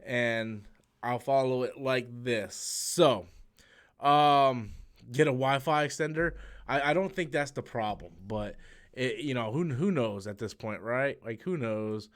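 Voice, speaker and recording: A young man with a drawl chats loosely on a live stream. His voice is smooth and clean, at a middle pitch, and he rambles through a story with lots of "um" and "like.". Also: a little slow. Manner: rambling storytelling with many fillers and restarts. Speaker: comics channel host. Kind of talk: casual live-stream chat.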